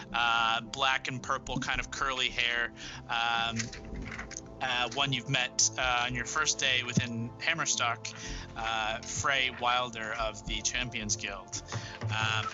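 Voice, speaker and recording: A man acting as game master narrates a tabletop game, describing scenes haltingly and with lots of fillers. His voice sits in the mid range, and the recording quality is low.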